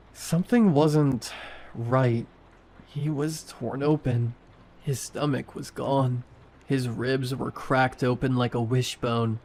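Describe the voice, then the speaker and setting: Slow-paced male horror narrator. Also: mid-range voice, a little mellow. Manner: slow, short, tense sentences. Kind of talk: first-person horror story narration.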